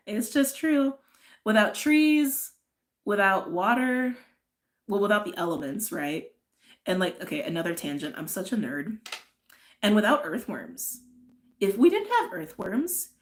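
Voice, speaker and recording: A woman doing a casual tarot and astrology reading, chatty and rambling, often drifting into tangents and filling her talk with "like" and "right". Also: on the low side. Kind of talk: casual spiritual reading chat.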